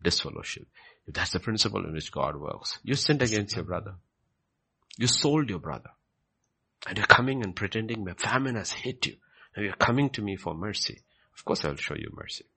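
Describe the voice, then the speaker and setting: Deep gravelly male preacher. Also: lively intonation, normal speed. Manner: swings from low murmurs to loud, high emphatic bursts; asks the congregation questions and repeats key phrases. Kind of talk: sermon with Bible reading.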